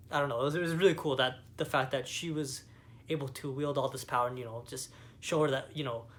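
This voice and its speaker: A man's voice: medium pitch, slight background noise. A young man from Canada giving a casual movie review, rambling with lots of fillers and enthusiasm. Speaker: vlogger.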